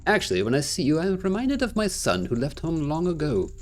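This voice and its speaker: Guy reading as old creature butler from a game, polite and formal, kinda slow. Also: fairly high pitch, huge pitch swings.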